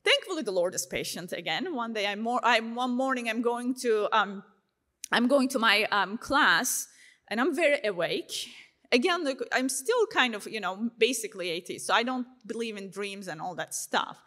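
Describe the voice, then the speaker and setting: Lively woman telling her story. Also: fairly high pitch, normal speed. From Turkey. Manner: lively storytelling, voices her own past thoughts in asides; frequent fillers like "you know" and "like". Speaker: speaker sharing her faith testimony. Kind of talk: conference talk to a live audience.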